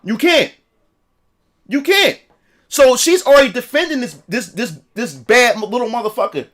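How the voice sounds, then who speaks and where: High voiced guy ranting on his stream, swears a lot, very up and down. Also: expressive, normal speed, a bit bright. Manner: profane, repetitive storytelling. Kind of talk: casual livestream rant.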